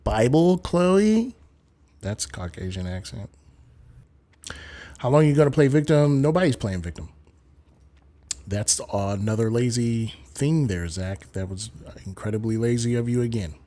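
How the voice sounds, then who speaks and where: A man's voice: fairly low pitch, normal speed, long pauses, mellow. A man hosting a live stream, lecturing and debating callers in an emphatic way, swearing casually.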